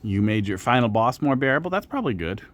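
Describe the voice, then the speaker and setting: While playing a level-building game on stream, a man talks in a mid-range voice that swings widely in pitch and moves fast. His commentary is casual and chatty, wandering from joke to joke, with the occasional hum to himself.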